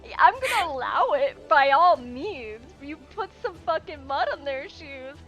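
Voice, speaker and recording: High-voiced woman running a game. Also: animated, normal speed, muffled recording, over music. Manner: casual, descriptive, laughing often. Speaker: game master. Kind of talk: narrating a tabletop game.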